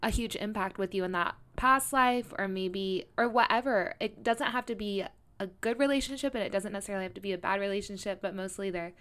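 A woman with a smooth, clear voice at a middle pitch, talking casually as a podcast host. She muses in loose, trailing phrases. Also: steady tone, fairly quick, hardly any pauses, fairly bright tone.

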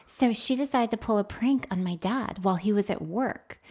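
A woman telling a childhood story in casual podcast chat, lively and quick to act out the people she quotes. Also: mid-range voice, breathy edge. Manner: animated, acts out quoted voices.

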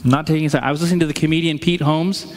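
A man in his thirties preaches in a loose, conversational way and acts out the voices in his stories. His voice sits a little high and moves around a lot. A long echo trails him through a big hall. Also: rapid-fire. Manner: conversational, animated, acts out quotes. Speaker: pastor. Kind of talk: sermon. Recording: echoey hall.

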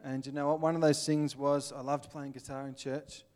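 A man's voice: mid-range voice, little pitch movement, moderate pace, darkish tone. An Australian man giving an earnest, plainspoken sermon, with little acted-out scenes. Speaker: pastor.

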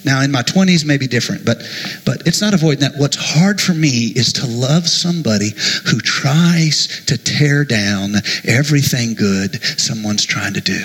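A middle-aged man preaching a sermon in a church, animated and joking, with sudden hushed asides to the congregation. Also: mid-range voice, normal speed, breathy edge, rough recording. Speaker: pastor.

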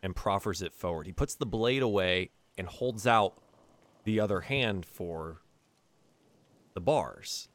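A man narrating as game master of a tabletop game, telling the scene in a lively storytelling way with fillers and restarts. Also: low-pitched, takes it slowly, long pauses.

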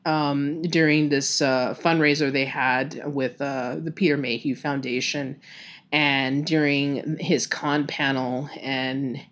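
A low-pitched woman with a Texan accent hosts a casual podcast. She chats her way through a story with plenty of ums and laughs. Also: steady tone, slow pace, muffled recording. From Texas. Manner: chatty, many fillers, laughs often. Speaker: podcast host.

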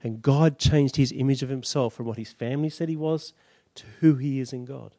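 A man preaching a sermon, retelling a story with animated delivery and acting out the characters. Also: medium pitch, brisk, no room sound.

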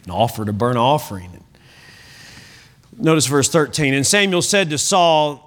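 A middle-aged pastor from the United States preaching in a church, reading scripture and adding lively, chuckling asides. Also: male voice, mid-range voice, a little slow, pauses often. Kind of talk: sermon. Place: church sanctuary.

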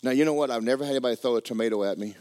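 A man preaching a sermon, swinging from loud exhortation to quiet, joking asides. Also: medium pitch, rapid-fire, dry recording.

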